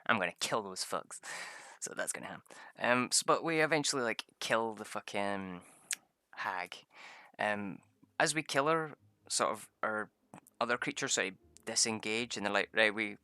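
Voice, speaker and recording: A young man tells a tabletop game story in a loose, chatty way, swearing freely and laughing often. His voice is bright and forceful and often leaps up high when he gets excited. It sounds dry and close, with no room echo. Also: moderate pace, smooth. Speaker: vlogger recapping a tabletop game session. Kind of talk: casual storytelling.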